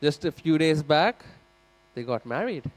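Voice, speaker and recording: His voice is a little high and unhurried as he leads a scripture class in a temple hall. The man narrates a sermon story with lively energy, playing the characters and talking directly to the audience.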